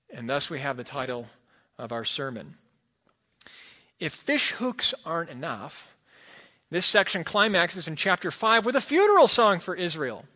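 A man's voice: a little high, sharp tone. A man preaching a sermon, reading scripture aloud with dramatic emphasis. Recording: long hall reverb.

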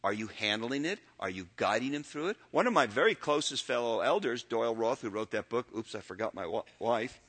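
Emphatic older male pastor, bright voice. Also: lively intonation, brisk, few pauses. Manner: swings from loud emphatic peaks to low quiet asides. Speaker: pastor teaching elders. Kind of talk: sermon lecture.

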